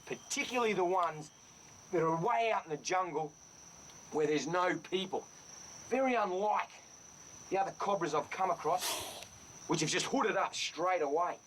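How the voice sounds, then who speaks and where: A man's voice: sits high, lively intonation, normal speed, a little hiss or hum, poor audio. An Australian wildlife presenter, outdoors in the jungle, talking with great enthusiasm and chatting fondly to the animals he handles. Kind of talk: excited on-location wildlife commentary.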